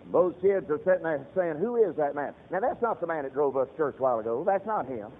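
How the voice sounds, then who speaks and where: Over a tinny radio broadcast, a man delivers a fiery sermon, telling stories and speaking directly to his congregation. His voice sits on the high side, expressive and quick, with a long reverb tail.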